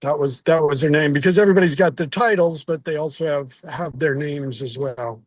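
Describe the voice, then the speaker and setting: A man's voice: fairly high pitch, a little fast, no room sound. A man hosting a reading group on a video call, chatting in a rambling way with frequent restarts. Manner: rambling, laughing, restarts sentences. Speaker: organizer and host of a reading group. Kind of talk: casual wrap-up chat.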